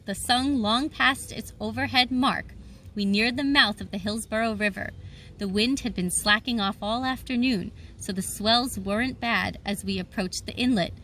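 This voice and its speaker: A woman reading a children's adventure novel aloud in first-person narration, lively and expressive. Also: mid-range voice, slight background noise. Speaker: audiobook reader.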